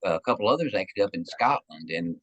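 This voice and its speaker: A man hosting a casual interview podcast, enthusiastic and animated as he asks questions. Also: lowish voice, fast, no echo, low-quality recording. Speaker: podcast host.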